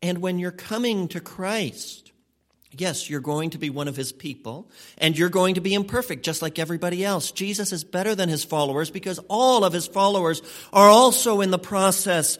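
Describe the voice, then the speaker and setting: Male pastor, slightly high-pitched, preaching an emphatic sermon. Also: a bit bright. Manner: emphatic preaching, speeds up and slows down for stress.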